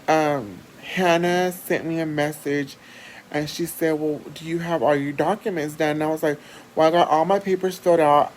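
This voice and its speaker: A woman vlogger, telling a personal story in a chatty, animated way and swearing freely. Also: sits low, slight background noise, poor audio. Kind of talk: casual storytelling.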